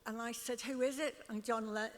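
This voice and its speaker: An older woman with a Liverpool accent, her voice on the high side and steady, speaks at a moderate pace while storytelling as an interview guest on stage at a club. She often laughs as she acts out what others said to the audience. Long hall reverb surrounds her voice.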